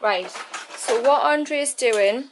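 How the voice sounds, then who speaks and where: A woman's voice: high-pitched, slow, over music, poor audio. A woman in her thirties, vlogging casually at home and explaining step by step how to sort a child's room. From England. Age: 30s. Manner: chatty, explaining a tidying method step by step.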